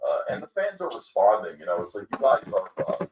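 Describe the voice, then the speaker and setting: A man's voice: on the low side, wildly swooping pitch, fairly quick, highs cut off, crowd noise. A man hosting a livestream podcast, ranting in casual commentary with lots of fillers and mocking quoted voices. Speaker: podcast host. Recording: echoey room, distant mic.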